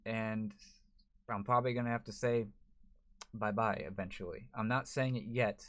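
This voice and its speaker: A man's voice: fairly low pitch, steady tone, normal speed, long pauses, fairly bright tone. A man, a gaming YouTuber, talking to camera in a frustrated, rambling way, full of restarts. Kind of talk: emotional to-camera vlog.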